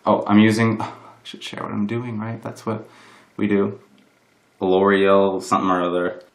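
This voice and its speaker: This vlogger, a young man, walks through a casual makeup tutorial in his room, mocking himself and rambling with endless "like"s. He speaks at a moderate pace in a fairly low monotone. The camera is propped on a box, and the room's echo is noticeable.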